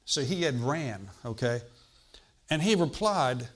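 A man's voice: medium pitch, lively intonation, slow pace. Man, preacher, sermon, mid-range voice, conversational, questions to the congregation, emphatic exclamations.

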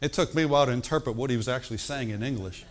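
A man's voice: medium pitch, rapid-fire. Older man preaching in a conversational style. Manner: conversational preaching with frequent call-and-response asides. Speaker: pastor. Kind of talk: sermon teaching.

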